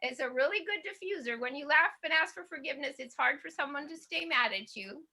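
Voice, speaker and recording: A woman guiding a laughter yoga class in a high, bright voice with a slight gravelly fry. She talks in a bubbly, cheerful way, chanting along and breaking into laughter. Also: animated, brisk. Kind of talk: guided group exercise class.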